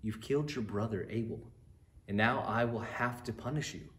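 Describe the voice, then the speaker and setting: Solemn divine judge read by a man for a children's story, measured and commanding, some room echo. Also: fairly low pitch, a bit bright, close to an everyday voice. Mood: stern. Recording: roomy echo.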